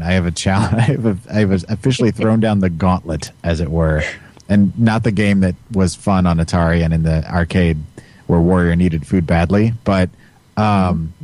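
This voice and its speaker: A man's voice: sits low, normal speed, mellow. A man hosting a podcast, rambling and joking with a giggly, casual manner. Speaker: podcast host. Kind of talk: casual chat.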